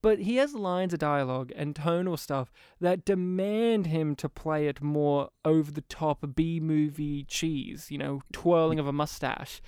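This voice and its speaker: High-voiced man ranting about a film. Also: a little slow, hardly any pauses, smooth, no room sound, studio quality. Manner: animated, sweary, mimics lines. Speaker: podcast co-host. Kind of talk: casual film review chat.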